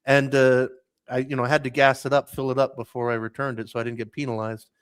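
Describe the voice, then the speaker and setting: A man's voice: mid-range voice, level tone, quick pace, clear, resonant tone, no echo, clean studio sound. Rambling man telling a travel story. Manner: rambling storyteller, many restarts and "like"s. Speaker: podcast host. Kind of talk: casual chat.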